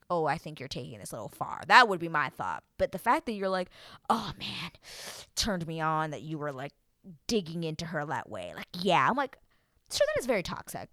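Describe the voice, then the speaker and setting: A woman hosting a casual reality TV recap, animated, acting out what the people she describes said. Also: lowish voice, dry recording, studio quality. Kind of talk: casual chat.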